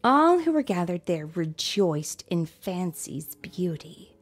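Slow, whispery woman reading a storybook. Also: fairly low pitch, husky. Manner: soft, often whispery, animated storytelling. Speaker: storybook reader. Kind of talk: children's read-aloud with asides.

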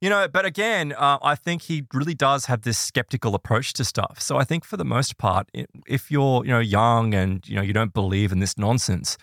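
A man, casually telling a ghost story on a podcast, animated and quick to act out quoted people. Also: dry recording, clean studio sound. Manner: animated, voices quoted people in higher pitch.

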